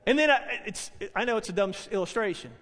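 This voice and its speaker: A man's voice: high voice, animated, quick pace, a bit bright, big-room sound. A man preaching a sermon, telling stories earnestly and building to emphatic proclamations. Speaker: pastor.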